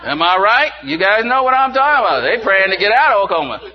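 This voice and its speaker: An older man preaching a sermon to his congregation, dropping low and quiet and then rising into loud exclamations. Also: very animated, quick pace. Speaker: pastor. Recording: dull muffled sound with faint hum.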